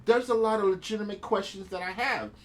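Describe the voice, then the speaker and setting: A man's voice: sits high, brisk, crowd noise. A man co-hosting a podcast in casual chat, arguing his points emphatically, step by step. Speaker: podcast co-host.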